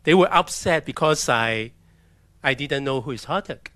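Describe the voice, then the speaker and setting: A man from China, telling his personal story as a missionary in a halting way, often restarting his sentences. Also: medium pitch, lively intonation, pushed and bright, no room sound. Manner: halting, with restarts and acted-out quotes. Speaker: missionary speaker. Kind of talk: personal testimony talk with slides.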